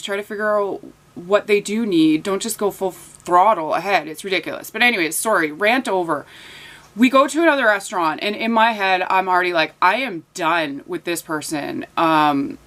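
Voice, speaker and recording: A young adult woman vlogger telling a story in a chatty, animated way, with lots of fillers and restarts. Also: mid-range voice. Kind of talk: casual storytelling vlog.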